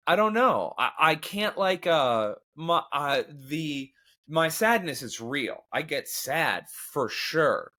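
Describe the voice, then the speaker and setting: On his own show, a podcast host talks candidly and somewhat ramblingly about grief and faith, self-deprecating and full of fillers and restarts. His voice is a little high, bright and forceful.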